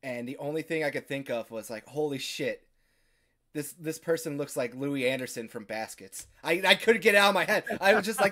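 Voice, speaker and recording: Laughing, animated man podcast co-host. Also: fairly high pitch, moderate pace. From Midwestern United States. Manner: animated, laughs often, jumps between topics. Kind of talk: casual crude banter.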